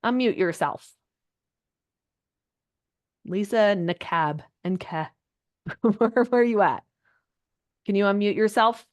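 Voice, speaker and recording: A woman coaching a group live on a video call, chatty and animated, her voice jumping up when she gets excited. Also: mid-range voice, slow, long pauses. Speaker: social media coach. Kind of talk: live online coaching session.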